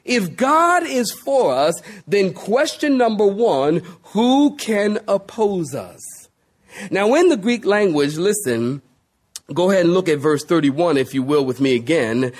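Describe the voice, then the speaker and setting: A man preaching a sermon as pastor, addressing listeners as saints, drawing out key words with dramatic pauses and speeding up through long lists. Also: high voice, sing-song. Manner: acts out quoted exclamations with rising energy.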